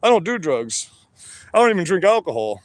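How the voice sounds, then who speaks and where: A man livestreaming from his work shed on a phone, talking loud, rambling and profane, wired on energy drinks, so that he always sounds like he is yelling. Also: high voice, big pitch swings, a little fast, no echo. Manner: loud, rambling and profane, with many "you know"s. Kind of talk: livestream rant.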